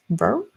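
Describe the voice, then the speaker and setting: A young woman chatting softly and musing slowly while she draws on a live stream. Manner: soft-spoken, slow and musing. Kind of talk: casual chat while drawing.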